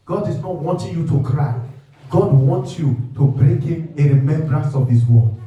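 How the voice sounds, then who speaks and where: A man preaching a sermon as pastor, moving from quiet talk to fervent shouting. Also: fairly high pitch, normal speed, lo-fi sound. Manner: impassioned, swings from quiet to shouting. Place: church hall. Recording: echoey hall, mic far off, faint music.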